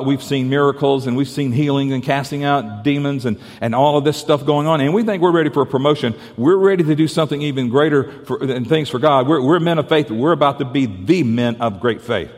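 Earnest preacher in a reverberant hall. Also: male voice, medium pitch, fairly quick, hardly any pauses. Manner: earnest, repeats and restarts, drops to soft tones for the story. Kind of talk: sermon with storytelling.

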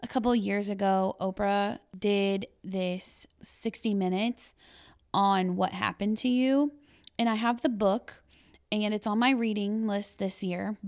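A woman's voice: mid-range voice, gravelly, darkish tone. A woman, a former school educator, chatting on a podcast and telling stories about her students, acting out their voices as she goes. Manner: storytelling, acts out children's voices and her own past words. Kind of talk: casual podcast conversation.

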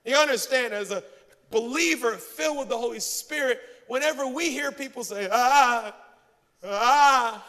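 A male pastor giving a sermon, telling stories in a lively way and poking fun at himself. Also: very high voice, a little fast, vocal fry, in a large hall. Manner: animated storytelling, self-mocking humor.

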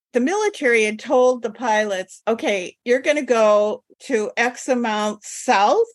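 A woman's voice: a little high, no echo. An older woman, a former flight attendant, recounting a story as an interview guest in a matter-of-fact way.

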